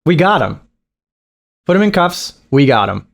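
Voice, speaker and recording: A man's voice: a little high, very animated, a little slow, creaky. A man doing profane, mocking reaction commentary over a video. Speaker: reaction streamer.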